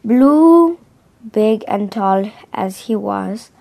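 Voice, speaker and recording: A woman reads a children's storybook aloud at a very slow, careful pace. She often trips over words and starts them again. Her voice sits at an ordinary pitch. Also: fairly even intonation, darkish tone. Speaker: reader.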